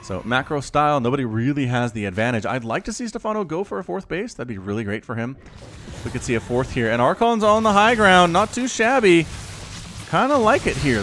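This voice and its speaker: A man casting a strategy game solo, chatty and excitable, with sudden high-pitched exclamations. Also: a little hiss or hum. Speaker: esports caster. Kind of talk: solo play-by-play game commentary. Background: faint background music.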